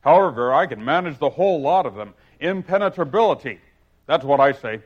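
A man voicing a pompous, scornful talking egg, with loud, lordly emphasis. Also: a little high, lively intonation, fairly quick, breathy edge, voice pushed up. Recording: dull lo-fi recording.

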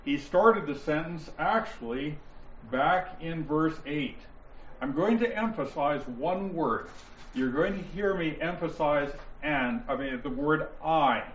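A man teaching a Bible study class, explaining points deliberately and stressing key words, with listeners answering him. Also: a little high, animated, a bit bright, a little hiss or hum. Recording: roomy, dull lo-fi sound with faint ambience.

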